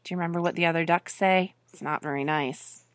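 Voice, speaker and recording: A woman reading a picture book aloud to children in an animated way, stopping to ask them questions. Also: lowish voice, quick pace, no echo. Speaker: storyteller.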